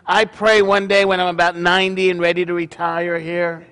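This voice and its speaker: Middle-aged guy preaching to his congregation, high voice, chatty and jokey, teases himself a lot. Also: little pitch movement, moderate pace, bright, forceful tone, smooth. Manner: folksy, joking, self-deprecating. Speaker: congregation leader. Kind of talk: sermon.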